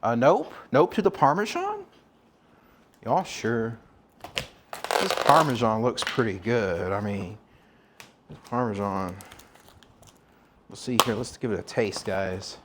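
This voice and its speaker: Against a noisy background, a man speaks slowly in a sing-song, mid-range voice, pausing often. He's casually livestreaming from his kitchen, cooking while he rambles and asks his audience questions.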